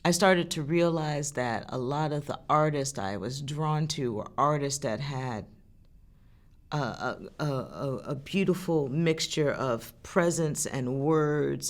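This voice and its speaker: Earnest woman singer with a gravelly edge. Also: low-pitched, unhurried. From France. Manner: earnest, heartfelt storytelling with frequent restarts. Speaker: singer and songwriter. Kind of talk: candid interview talk.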